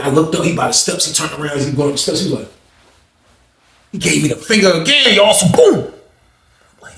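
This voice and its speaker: A young man spins a casual storytime at a rapid clip, animated and profane, jumping into voices for the dialogue. His voice sits a little high, and a roomy echo hangs around it. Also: gravelly, slight background noise.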